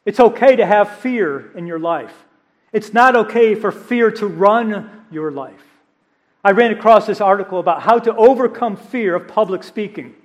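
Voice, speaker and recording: A man with a high voice preaches from a church stage. He retells his story with animated energy and plays each quoted voice himself. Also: normal speed. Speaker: pastor. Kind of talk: sermon.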